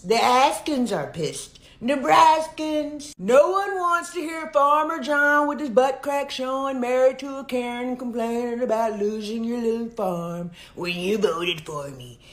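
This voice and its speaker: Woman as a boastful male president, rambling and repeating catchphrases, echoey and high.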